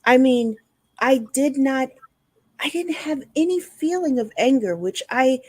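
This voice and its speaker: A woman appears as a guest on a podcast interview, a motivational speaker earnestly recounting her personal story and acting out conversations she remembers. Her voice is high and animated, a little slow, with no room sound.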